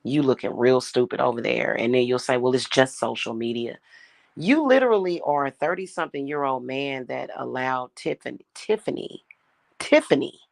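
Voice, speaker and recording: A woman's voice: rumbling low, expressive, normal speed, creaky, no room sound. A young woman venting in an angry, profane rant, blunt and scornful as she talks. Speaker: spiritual reader and vlogger. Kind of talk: angry ranting monologue.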